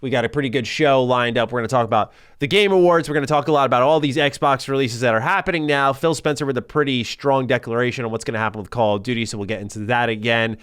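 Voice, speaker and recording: A man's voice: mid-range voice, quick pace, few pauses, a bit bright, clean tone, no echo, clean studio sound. A man hosting a casual podcast, upbeat and chatty, his voice still recovering from illness. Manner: upbeat, chatty, laughs easily. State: recovering voice, occasional cough. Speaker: podcast host.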